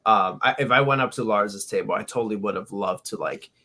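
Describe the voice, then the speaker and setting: Lowish man telling fan stories. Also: a little fast. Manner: animated storytelling with restarts. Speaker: podcast co-host. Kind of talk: casual podcast chat.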